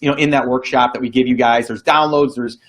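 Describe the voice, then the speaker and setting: A man's voice: medium pitch, steady tone, fast talker. A man hosting a casual live online show, chatty with lots of fillers and easy laughter, on a video call mic. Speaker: podcast host. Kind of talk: casual livestream chat.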